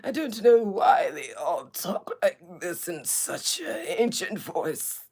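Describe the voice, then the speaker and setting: A woman's voice: mid-range voice, huge pitch swings, slow, darkish tone, husky. A woman hosting a podcast in casual chat, playful and given to laughing and fanciful tangents. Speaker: podcast host.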